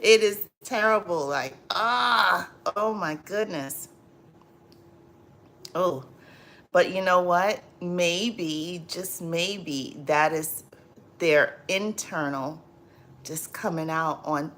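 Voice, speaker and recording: A woman talks to her livestream viewers in a relaxed, chatty way, reading their comments aloud. Her voice sits somewhat low. She speaks slowly, often pausing on "um" and repeating her phrases. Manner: chatty and unhurried, trailing off with ums and repeats. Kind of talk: casual livestream chat.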